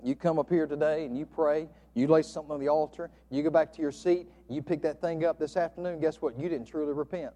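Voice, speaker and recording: A man preaching a sermon from the pulpit, quoting old scripture and swinging from loud emphatic lines to soft, hushed ones. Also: a little high, fairly even intonation, fast, few pauses. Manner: quotes King James scripture. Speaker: pastor.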